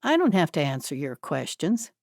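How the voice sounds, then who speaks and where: A woman voicing a shifty, menacing young man who turns defensive and talks faster when cornered. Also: low-pitched, very animated, vocal fry, a little mellow, no echo, clean studio sound, heavily acted.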